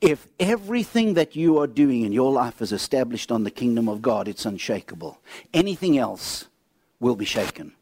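A man preaching a sermon, telling stories with lively swings between animated bursts and low, quiet emphasis. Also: moderate pace, breathy edge, no echo.

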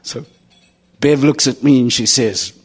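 A middle-aged man preaching a sermon and telling stories, moving from loud, high bursts to hushed, low asides and laughing along as he goes. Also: steady tone, unhurried, slightly rough. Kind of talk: sermon with storytelling.

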